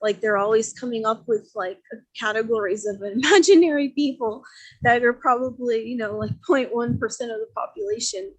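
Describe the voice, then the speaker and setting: A woman from Miami talking in a casual podcast discussion, chatty and animated, with many fillers. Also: a little high, normal speed. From Miami, Florida.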